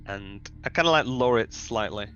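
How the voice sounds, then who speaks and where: A man's voice: on the low side, animated, a little fast, fairly bright tone. A man describing his character's actions in a tabletop game, in a loose style full of filler words. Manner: loose narration full of "kinda, like". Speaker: player. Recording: dull recording with faint music.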